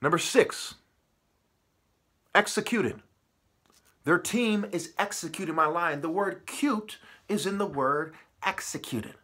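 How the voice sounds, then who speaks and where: Husky-voiced man ranting preachily. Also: sits high, slow pace, long pauses. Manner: swings from muttering to shouting, profane and preachy. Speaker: vlogger. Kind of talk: ranting monologue.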